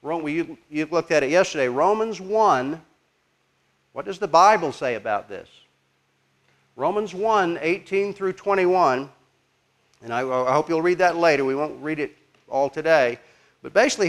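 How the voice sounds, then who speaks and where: A man with a somewhat high speaking voice teaches a congregation. His delivery is informal and conversational, with restarts, and he stops now and then to put questions to the listeners. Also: lively intonation. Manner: informal, halting, asks the audience questions. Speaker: preacher teaching apologetics.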